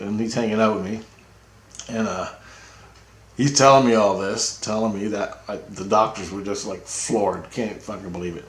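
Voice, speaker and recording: Rambling, profane man in an echoey room. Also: lowish voice. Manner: rambling, profane, excitable retelling with acted quotes. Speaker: storyteller recounting a personal experience. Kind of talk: casual spoken story.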